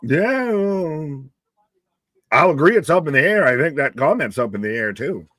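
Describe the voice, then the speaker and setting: A man's voice: on the high side, sing-song, moderate pace, fairly bright tone, no room sound. A man co-hosting a live wrestling watch-along, joking around, laughing and swearing freely. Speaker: co-host.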